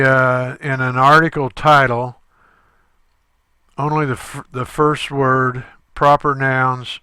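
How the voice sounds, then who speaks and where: A male instructor narrates a screen-recorded tutorial step by step, pausing often with fillers. His medium-pitched voice sounds pushed and bright, with a clean tone and a dry recording.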